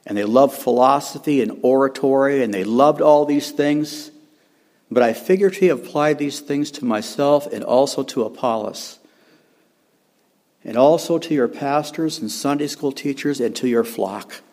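A man's voice: mid-range voice, normal speed, darkish tone. An older man preaching a sermon, emphatic, repeating his key phrases and chuckling at his own slips.

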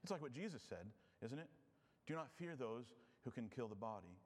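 A man preaching a sermon as a pastor, expressive, moving between loud emphasis and quiet, low passages. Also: normal speed, in a large hall.

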